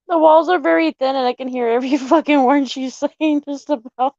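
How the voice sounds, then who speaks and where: A woman's voice: high-pitched, steady tone, brisk, darkish tone, no room sound. A woman vlogging casually at home, breaking into belly laughs between phrases and swearing freely. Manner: swears freely and says "Lord have mercy" often. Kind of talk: casual live chat to viewers. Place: at home, near her mother's room. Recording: dull lo-fi audio.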